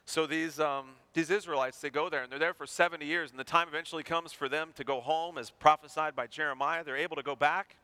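A man preaching a sermon, animated and acting out everyday people to make his points. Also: a little high, fast talker, few pauses, smooth. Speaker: pastor.

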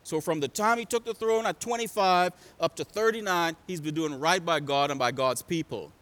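Dramatic high-voiced male preacher. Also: moderate pace. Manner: dramatic, call-and-response, swinging from loud to hushed. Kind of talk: sermon.

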